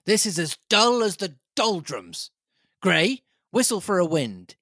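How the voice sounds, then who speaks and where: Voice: medium pitch, very animated, unhurried, a bit bright, slightly rough, dry recording, studio quality, pitched above the performer's own voice, heavily acted. A man doing an impatient barking sea captain. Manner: barked commands. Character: gruff impatient ship's captain.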